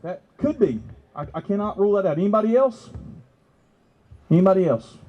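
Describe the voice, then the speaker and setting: A man telling an animated story to an outdoor festival crowd, excitable and laughing. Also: a little fast, muffled recording. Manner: excitable, laughing, leaps to high exclamations. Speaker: festival speaker. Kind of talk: animated storytelling to a live audience.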